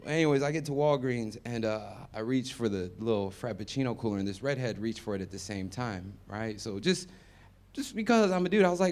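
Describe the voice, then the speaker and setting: A man performing a stand-up comedy set, chatty and conversational, dropping to mumbled asides and jumping up loud for punchlines. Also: fairly low pitch, brisk. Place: comedy venue with live audience.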